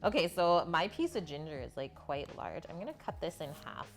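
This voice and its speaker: A woman's voice: deep voice, sing-song, brisk, soft background music. A woman hosting a live cooking stream from her home kitchen, chatting with viewers and reading their comments aloud between steps. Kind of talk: live cooking demonstration with chat replies.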